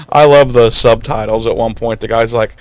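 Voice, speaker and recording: With a mid-range voice at a moderate pace, this man co-hosts a podcast and recaps an episode in profane, relaxed conversation. He acts out the characters' lines in an animated storytelling style, swearing freely. There's no room sound on the recording.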